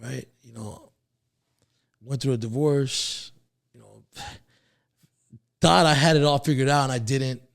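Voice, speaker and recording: A man's voice: medium pitch, a little slow, gravelly, pauses often, a bit bright. A man talking as a podcast guest, casually telling his life story with plenty of swearing, chuckles and restarts. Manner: profane, laid-back, with chuckles and restarts.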